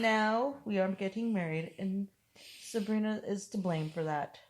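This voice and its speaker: A woman's voice: mid-range voice, measured pace. A woman co-hosting a podcast in casual chat, rambling and laughing often, with the odd casual swear. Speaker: podcast co-host.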